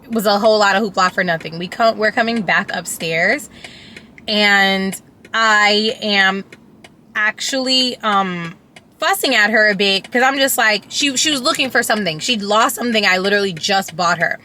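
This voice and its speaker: A woman's voice: medium pitch, normal speed, pushed and bright, a little hiss or hum. A woman vlogger telling a storytime in casual chat, rambling with many fillers and restarts, candid and emotional, now and then profane.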